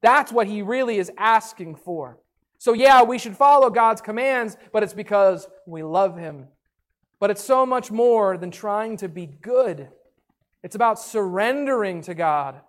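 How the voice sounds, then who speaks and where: A woman's voice: mid-range voice, expressive, a little slow. Woman preacher, earnest sermon delivery, mid-range voice, reads scripture.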